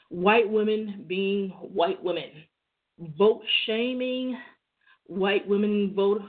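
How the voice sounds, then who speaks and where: A woman hosting a talk show, chatting casually and conversationally, laughing easily. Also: mid-range voice. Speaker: podcast host. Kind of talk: casual monologue. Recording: tinny phone-like audio.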